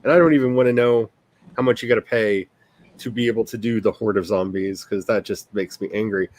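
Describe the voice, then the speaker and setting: A man's voice: fairly low pitch, fairly even intonation, fairly quick, a little mellow. Chatty man hosting a casual livestream. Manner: chatty, rambling, laughs often. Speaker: livestream host, writer. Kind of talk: casual livestream chat with viewers.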